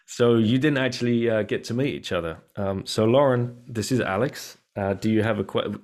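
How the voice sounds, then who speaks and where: A man's voice: lowish voice, normal speed, hardly any pauses, darkish tone. A man hosting a podcast, reading sponsor spots and chatting with a guest in an upbeat way that repeats key points. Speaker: podcast host. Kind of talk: podcast intro and ad reads, casual interview.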